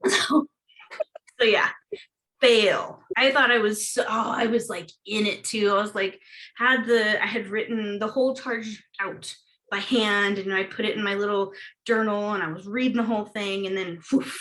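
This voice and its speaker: Bright lively woman rambling through a story on a zoom call, laughing a lot, lots of um and like. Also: medium pitch, normal speed, low-quality recording. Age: adult, recalls her teenage years. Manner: chatty, laughing, lots of fillers, acts out her own past reactions. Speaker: host of a witchcraft group video chat. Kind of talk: casual storytelling chat. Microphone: video call.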